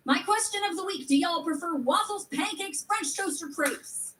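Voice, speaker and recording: A woman's voice: extremely high pitch, moderate pace. A woman streaming and chatting casually in a laid-back way, thanking viewers and asking a question of the week. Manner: laid-back, reads donations and chat. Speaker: streamer and band singer. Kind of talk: casual livestream chat. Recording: distant mic over loud music.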